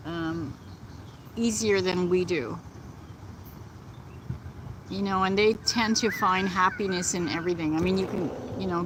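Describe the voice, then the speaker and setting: A woman chatting gently on a live stream from outdoors, laughing often. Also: on the low side, noisy background. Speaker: vlogger. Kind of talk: casual live-stream chat. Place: outdoors in nature.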